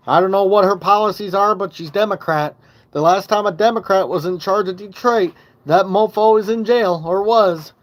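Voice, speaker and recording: Rambling, swearing man live-streaming. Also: high-pitched. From Michigan. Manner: rambling, swearing, loses his train of thought. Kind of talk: casual live-stream chat. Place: home basement. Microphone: phone.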